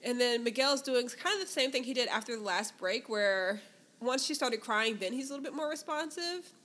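A woman co-hosting a casual podcast, walking through scenes in an easygoing storytelling manner. Her voice sits a little high. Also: brisk. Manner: relaxed storytelling recap, acting out quoted lines. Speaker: podcast co-host recapping a reality show. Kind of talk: casual chat.

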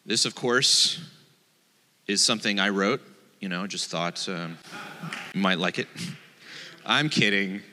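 A man's voice: on the low side, takes it slowly, pauses often, pushed and bright, long reverb tail. A man, a rabbi, giving a playful, joking sermon and acting out the voices in his quotes.

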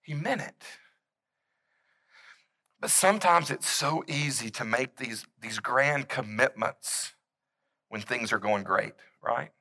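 Animated preacher with a bright voice. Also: male voice, medium pitch, slow pace, vocal fry, pauses often, low-quality recording. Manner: animated, swings between loud emphasis and quiet intensity. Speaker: pastor. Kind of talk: sermon.

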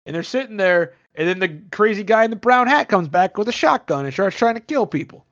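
A man's voice: high voice, lively intonation, a little fast, a bit bright. A man retelling a movie plot in a casual, rambling, profane way, joking as he goes. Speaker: podcast co-host. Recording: dull lo-fi sound.

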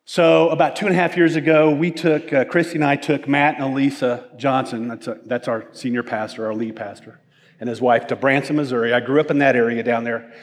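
Storytelling pastor in a reverberant hall. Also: male voice, medium pitch, a little fast. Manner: storytelling, self-mocking, animated. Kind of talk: sermon with a personal story.

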